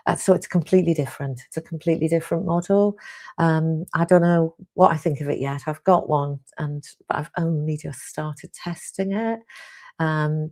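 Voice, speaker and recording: A woman's voice: low voice, a little mellow. A British woman hosting a live question-and-answer stream, chatting casually and rambling a little as she reads out viewer comments. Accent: British English. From United Kingdom. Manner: chatty and rambling, with frequent ums and restarts.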